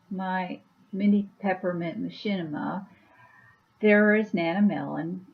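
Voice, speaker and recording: Woman, casual vlog, unhurried, rambling, slightly muffled lo-fi sound. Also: fairly low pitch. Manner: chatty, rambling, with fillers. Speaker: YouTuber and author. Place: at home.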